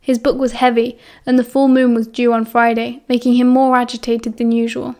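A woman with a British accent reading an audiobook in steady, even narration. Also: fairly high pitch, moderate pace. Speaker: audiobook reader. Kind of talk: fan fiction audiobook narration.

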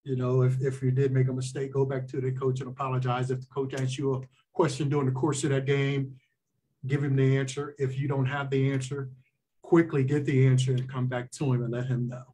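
Husky-voiced man, calm and measured. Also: medium pitch. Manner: calm, measured, gives plain advice. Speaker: sports official guest. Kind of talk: casual interview talk.

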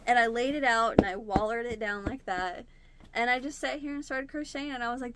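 A woman's voice: fairly high pitch, fairly quick, fairly bright tone. A woman hosting a home crochet video, talking casually and rambling, with frequent laughs, while sitting in a chair at home. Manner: chatty and rambling, laughs often. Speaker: crochet channel host. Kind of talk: casual chat.

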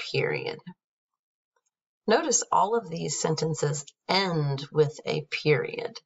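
Woman teacher, low voice, lively pitch, husky, grammar lesson, muffled distant recording. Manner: patient, spells words letter by letter. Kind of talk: explaining a grammar worksheet. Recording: dull, distant screen-recorded audio.

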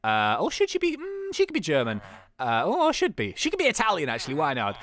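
Excitable woman commenting on a game. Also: low voice, brisk. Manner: excitable, chatty, laughs often. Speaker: gaming channel host.

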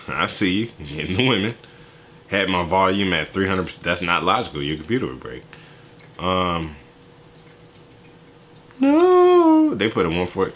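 A young man with a low, bright voice cracks jokes in an animated, profane play-by-play of a clip. His pitch swings widely as he talks, and faint music plays behind him. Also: a little hiss or hum. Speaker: YouTube reaction host. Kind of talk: casual reaction commentary.

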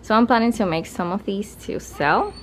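A woman's voice: mid-range voice, expressive, moderate pace, slight background noise. A woman casually narrating a tour of her home craft studio, chatting loosely with fillers and restarts.

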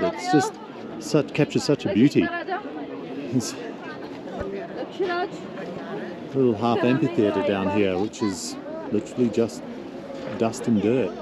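A man hosting a travel vlog outdoors in a mountain town, speaking in a reflective, softly awed way as he leads a tour. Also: medium pitch. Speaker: tour leader and vlog host. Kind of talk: casual travel vlog narration. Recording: outdoor street crowd behind.

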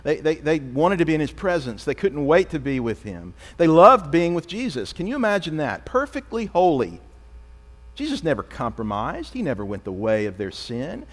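A man preaching a sermon as pastor, animated, acting out the voices of figures he quotes. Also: on the high side, normal speed. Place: church sanctuary. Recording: long church reverb.

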